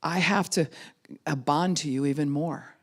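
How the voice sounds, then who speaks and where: A woman pastor teaching a class in a conversational way, acting out other people's words in quick voices. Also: deep voice. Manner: conversational, with frequent "you know" and "right?".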